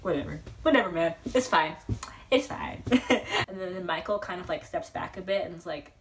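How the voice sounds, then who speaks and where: A young woman telling an excited storytime vlog, rambling and giggly, with lots of fillers and restarts. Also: lowish voice, fairly quick, slight background noise. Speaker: vlogger.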